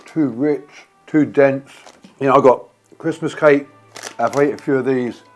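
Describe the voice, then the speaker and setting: Male vlog host, mid-pitched voice, jokey chatty delivery, for a food taste-test. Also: fairly even intonation, a little slow, faint music behind. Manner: playful, chatty, joking. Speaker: vlogger host.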